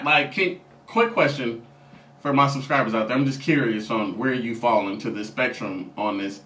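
A man's voice: mid-range voice, animated, normal speed, sharp tone, far from the mic. Male reaction host, chatty and upbeat, roomy echo, a bit off mic, music underneath. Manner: upbeat, talks straight to subscribers. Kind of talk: casual reaction commentary.

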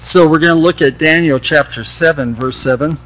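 A man's voice: fairly high pitch, brisk, fairly bright tone, a little hiss or hum, low-quality recording. A man teaching a Bible study, reading verses aloud and repeating key phrases as he explains them.

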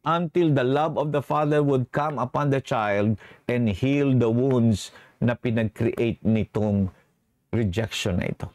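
A man's voice: mid-range voice, measured pace, a little mellow, dry recording. A man preaching a sermon, switching between English and Tagalog mid-sentence and often checking in with the congregation by asking "okay?". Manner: asks the congregation for assent with "okay?".

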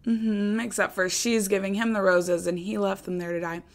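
A young woman hosting a casual music reaction vlog, gushing and excitable, trailing off mid-thought. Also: mid-range voice, normal speed. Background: music playing.

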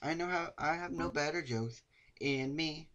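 A man's voice: on the high side, unhurried. Young man swearing through gameplay commentary. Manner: swearing, joking, with sudden loud outbursts. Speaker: streamer.

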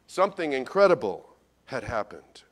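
Animated folksy pastor, a man preaching. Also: medium pitch, normal speed. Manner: animated storyteller, swings from loud to hushed; folksy, addresses congregation directly. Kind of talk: Christmas sermon.

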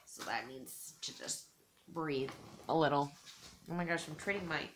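A woman's voice: low voice, unhurried, noisy background. A woman chatting in a casual haul vlog, rambling with lots of "like" fillers and giggly, self-teasing asides. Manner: chatty, rambling, heavy use of "like". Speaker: beauty vlogger.

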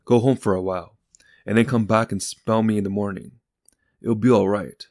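A man playing a shaken young father who speaks in clipped, sharp lines. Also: lowish voice, steady tone, moderate pace, no echo, studio quality, close to an everyday voice. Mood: reassuring.

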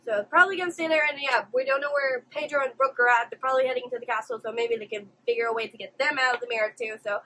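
A woman's voice: high voice, steady tone, racing, few pauses, sharp tone, rough recording. A young woman hosting an anime reaction video, emotional and exclamatory, swearing now and then. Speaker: reaction channel host.

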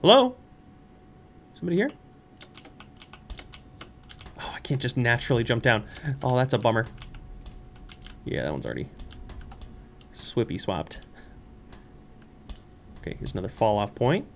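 A man's voice: medium pitch, wildly swooping pitch, measured pace, gravelly, pauses often. A young man playing a horror game on his channel, muttering nervously to himself and breaking into squeals and laughs. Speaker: let's play streamer. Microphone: studio microphone.

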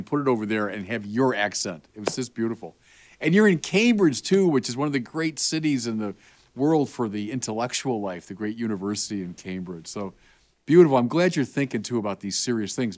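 Animated man with a Chicago accent. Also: medium pitch. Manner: animated and emphatic, with rising bursts. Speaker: bishop answering children's questions. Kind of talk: explaining faith to kids, conversational.

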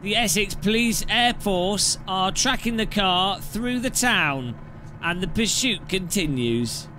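A man voicing a solemn male TV police-documentary narrator, slow and announcer-like. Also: sits high, animated, bright, forceful tone, slight background noise, pitched above the performer's own voice, exaggerated voice. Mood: mock-dramatic.

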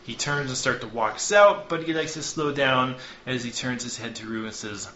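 A man's voice: mid-range voice, normal speed, hardly any pauses, sharp tone. A man narrating as game master in a loose, joking way, often swearing and poking fun at himself. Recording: echoey room, dull lo-fi sound, faint hiss.

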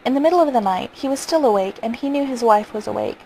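A woman reading a short story aloud in a calm, measured storytelling manner. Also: fairly high pitch, creaky, a little hiss or hum, poor audio. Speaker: reader.

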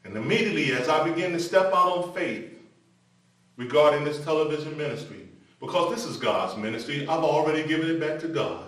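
एक बुज़ुर्ग पुरुष उपदेशक, ऊँची-सी आवाज़ में जोशीला प्रवचन देते हुए, माइक से दूर, बहुत गूँजदार कमरे में।. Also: male voice, fairly high pitch, lively intonation, a little fast. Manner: impassioned preaching, then a quieter personal testimony. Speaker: preacher. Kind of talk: televised sermon. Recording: echoey room from a distance.

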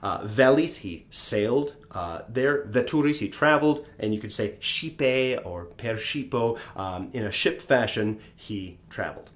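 A man's voice: mid-range voice, lively intonation, unhurried, hardly any pauses. A man casually explaining vocabulary as a language teacher, chatty and playful, with fillers and little acted asides.

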